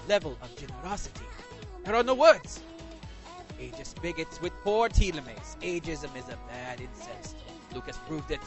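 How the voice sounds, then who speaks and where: A booming, over-the-top game show host, played by a man, declaims an outraged letter in a high, swooping voice. Every line comes out as a grandiose proclamation, bright and sharp in tone. Faint music sits underneath.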